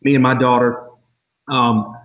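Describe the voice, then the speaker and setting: A man's voice: medium pitch, level tone, measured pace, phone-quality sound. A middle-aged man hosts a podcast with an enthusiastic, encouraging manner and a mid-range voice. He restarts his sentences often. The sound is roomy, with noticeable echo. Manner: enthusiastic, encouraging, repeats words when he starts a thought. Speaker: podcast host. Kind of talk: podcast interview. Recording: roomy echoey room.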